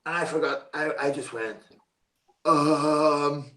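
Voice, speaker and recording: A man's voice: mid-range voice, moderate pace. A man as an interview guest, casually telling a story, swearing freely and filling his talk with "like" and "you know what I mean". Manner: swears freely, animated anecdote-telling with many fillers. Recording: roomy echo.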